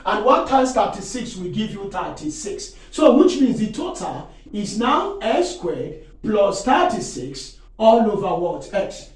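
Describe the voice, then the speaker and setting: A man with a high voice teaches calculus, stopping again and again to quiz his listeners with "what?" and to ask if they are still there. He sounds far from the mic, in a very echoey room that rings around every phrase. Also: very animated, a little slow, few pauses. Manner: quizzing listeners with leading "what?" prompts; checks in often and exclaims to himself. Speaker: maths teacher. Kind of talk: classroom-style maths lesson.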